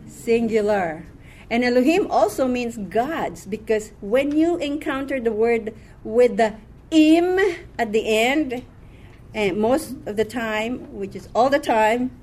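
Slow, patient woman teaching Hebrew. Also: a little high, darkish tone. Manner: patient, repeats words slowly for students. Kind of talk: classroom lesson.

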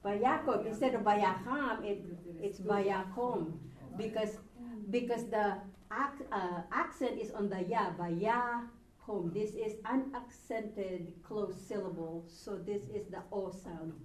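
A woman's voice: medium pitch, slow. A woman teaching a language class, patient and encouraging, sounding out words syllable by syllable. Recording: echoey room from a distance, faint background noise.

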